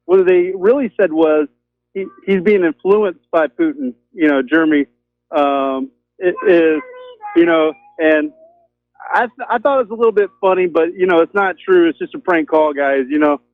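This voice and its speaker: A man's voice: a little high, moderate pace, no echo. A man calling in to a talk show, rambling with lots of ums and you-knows. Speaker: caller. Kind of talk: casual call-in chat. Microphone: telephone. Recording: tinny phone line.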